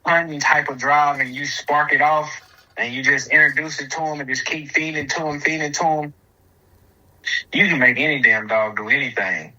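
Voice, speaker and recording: A man's voice: medium pitch, pushed and bright, poor audio. A man, a podcast guest who trains hog dogs, telling stories in a rambling, profane, casual way. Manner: profane, rambling storytelling in dialect.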